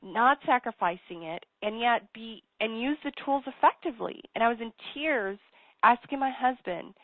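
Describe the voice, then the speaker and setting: A business coach and author, interviewed as a guest, tells her story earnestly and emphatically, repeating key phrases to press her points. Her voice sits on the high side, animated and at normal speed, coming through a narrow, tinny telephone line with a dry sound and no room around her.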